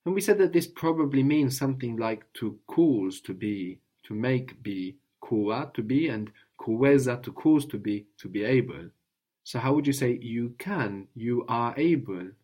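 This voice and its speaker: A man's voice: mid-range voice, animated, normal speed, warm tone, breathy edge. A man teaching a language lesson patiently, often checking in with a questioning "no?".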